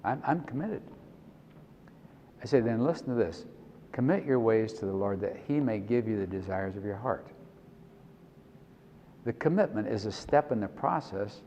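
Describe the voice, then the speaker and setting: A man's voice: lowish voice, animated, normal speed, dark tone, a little hiss or hum. A middle-aged man giving a conversational Christian conference talk, acting out prayers and dialogues, often restarting his phrases. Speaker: Christian speaker and consultant. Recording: dull recording with long hall reverb.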